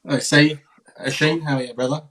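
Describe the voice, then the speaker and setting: A man's voice: on the high side, steady tone, a little fast, a bit bright. A man from Australia with an Australian accent, chatting in a hesitant, teasing way on a panel. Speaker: panel guest. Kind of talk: casual panel chat.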